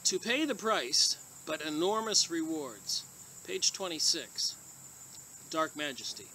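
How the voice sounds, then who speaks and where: A man's voice: fairly high pitch, sing-song, takes it slowly, bright, forceful tone, a little hiss or hum, poor audio. A man telling a rambling, earnest story in a casual monologue, then reading aloud from a book he is reviewing.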